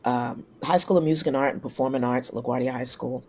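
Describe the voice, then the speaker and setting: A singer from New York City, a woman, telling lively stories in a casual interview and acting out the people she quotes. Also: a bass voice, quick pace. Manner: lively anecdotes, acts out quoted voices. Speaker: singer guest.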